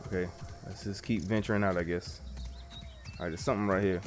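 A man's voice: sits low, steady tone, fast talker, background noise. A man streaming a game in casual commentary, jumpy and easily startled, talking in slang to his viewers. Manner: jumpy, swears and laughs when startled; casual slang, addresses viewers as bro and y'all. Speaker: gaming streamer. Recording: game music in the background.

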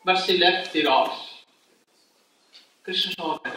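A man's voice: high-pitched, lively intonation, pushed and bright, recorded from a distance. Older man lecturing in an echoey hall. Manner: slow storytelling with frequent exclamations. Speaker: spiritual teacher. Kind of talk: devotional lecture.

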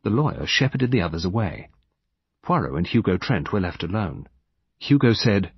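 A man reading a mystery audiobook aloud in an expressive, dramatic way. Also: fairly low pitch, normal speed, husky, dry recording, dull audio. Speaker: narrator. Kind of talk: audiobook narration.

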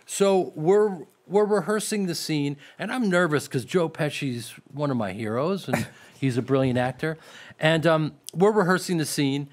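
A man's voice: a little high, moderate pace. A man who is a guest on a podcast, telling an anecdote in casual chat and acting out what others said. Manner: animated storyteller acting out quotes.

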